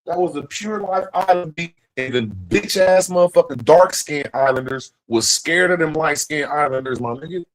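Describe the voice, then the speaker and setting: A man's voice: on the high side, lively intonation, moderate pace, few pauses, poor audio. A man hosting a livestream, talking in a profane, rambling, emphatic casual rant. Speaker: livestream host.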